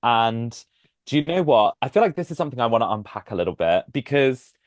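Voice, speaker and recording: Young guy co-host, camp and teasing, middle pitch, dry sound. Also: sing-song, fairly quick, dry recording. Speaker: podcast co-host. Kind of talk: casual chat. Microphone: video call.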